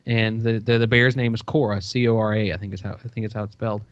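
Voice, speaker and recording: A man's voice: on the low side, little pitch movement, quick pace, no echo. A man in casual podcast chat, telling a long story with plenty of "you know" and "uh". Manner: rambling storytelling, many fillers. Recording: dull dry lo-fi sound.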